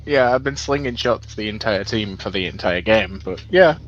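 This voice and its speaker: A relaxed, easygoing man in a gaming voice chat. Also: on the low side, moderate pace, lo-fi sound, a loud crowd.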